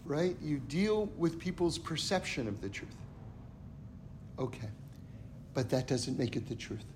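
A man's voice: medium pitch, expressive, measured pace, background noise. A man teaching a Torah lesson through stories, often checking in with his listeners by asking "right?". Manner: acts out characters in a story. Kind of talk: storytelling lesson.

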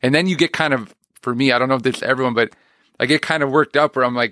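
A man's voice: mid-range voice, steady tone, fast, pushed and bright, dry recording, clean studio sound. A man, an actor and music teacher, talking candidly and rambling in a casual interview. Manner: candid, rambling, self-deprecating.

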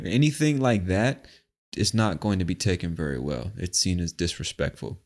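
A man's voice: deep voice, moderate pace. A man from the United States talking casually and profanely as host of a podcast monologue. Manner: relaxed, profane, conversational.

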